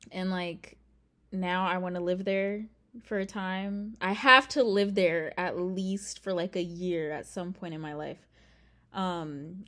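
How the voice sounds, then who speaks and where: A young woman talks straight to camera in a relaxed vlog, her voice sitting at an ordinary middle pitch. She rambles and circles back, filling gaps with "like" and "um" as she tells a story. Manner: chatty, rambling, full of "like" and "um". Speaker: vlogger. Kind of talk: casual talking-to-camera vlog. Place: indoors near a street with passing traffic.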